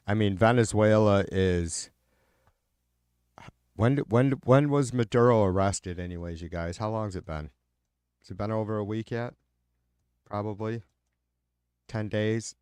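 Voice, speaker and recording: A man's voice: on the low side, a little slow, long pauses, darkish tone, clear, resonant tone, no echo, clean studio sound. A man from Michigan hosting a casual livestream, reading viewer comments and ranting angrily with lots of swearing, fillers and restarts. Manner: profane, angry ranting with frequent fillers and restarts. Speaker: livestream host.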